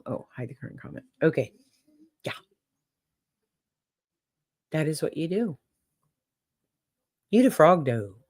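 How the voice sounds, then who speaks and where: A woman's voice: low voice, dry recording, clean studio sound. An older woman hosting a casual livestream, folksy and chatty, talking straight to her viewers. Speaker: livestream host.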